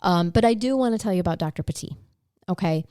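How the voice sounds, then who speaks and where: Woman telling a true crime case, kinda low voice, chatty, swears a bit, dry close mic. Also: fast, warm tone, no echo. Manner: conversational storyteller, emotional, swears casually. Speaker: podcast co-host. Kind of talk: casual true-crime podcast chat.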